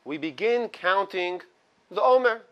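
A man with a high-pitched, animated voice leads a small morning Torah class at a measured pace, and the recording sounds lo-fi. He reads Hebrew and Aramaic phrases from the text, translates each, and tosses in casual, conversational asides while a small study group sits in the room.

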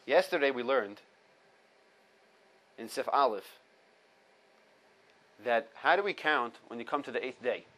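This Torah teacher's mid-range voice is expressive and a bit bright, and he speaks a little slowly with long pauses. Teaching an informal halacha class, he reads Hebrew sources and explains them in English step by step, repeating key points and mixing in Hebrew quotes. The recording is low quality.

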